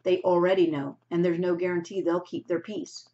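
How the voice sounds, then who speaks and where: A woman's voice: on the low side, fairly even intonation, dark tone, close to an everyday voice. A woman reading aloud and voicing a stern, practical older housekeeper in a storybook, on a dull lo-fi recording. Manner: firm, measured, warning.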